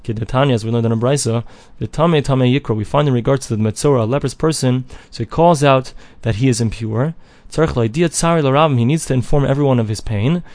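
Man, mid-pitched, Talmud teacher; reads a phrase in Ashkenazi Hebrew, then explains it in plain English, dry close recording. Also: fast, few pauses, darkish tone, no echo. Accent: Ashkenazi Hebrew pronunciation. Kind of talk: reading and translating a text line by line.

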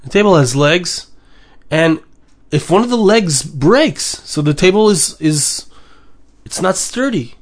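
A man's voice: fairly high pitch, animated, slow. A man teaching a Torah lesson in an earnest way, repeating his phrases and mixing in Hebrew terms.

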